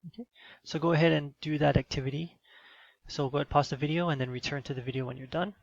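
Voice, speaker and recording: Gravelly-voiced man teaching a lesson. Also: fairly high pitch, steady tone, fast talker, no echo, dull audio. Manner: instructional, with fillers. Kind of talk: recorded teaching demo.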